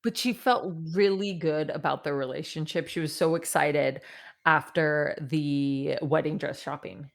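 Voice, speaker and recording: A woman co-hosting a podcast, chatting casually about a reality show with quick jokey asides and frequent laughter. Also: sits low, gravelly. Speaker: podcast co-host.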